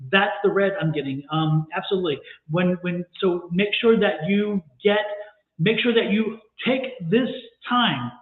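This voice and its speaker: A man's voice: high-pitched, reverberant, narrow, tinny audio. A man co-hosting a live tarot reading stream, giving repetitive, preachy motivational advice to viewers. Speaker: tarot reader and co-host.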